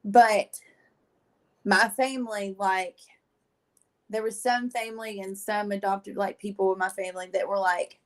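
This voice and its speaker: A woman, a guest on a talk show, telling her faith testimony in an animated, chatty way with many filler words and frequent laughs. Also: medium pitch, unhurried, rough recording. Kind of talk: animated storytelling.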